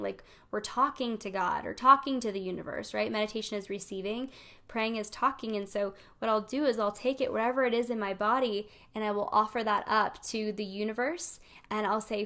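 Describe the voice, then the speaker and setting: A fairly high-voiced woman in her thirties hosts a live card reading. She talks casually and warmly, calling her viewers her sweet friends, with an upbeat, encouraging manner. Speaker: spiritual coach hosting weekly card pulls.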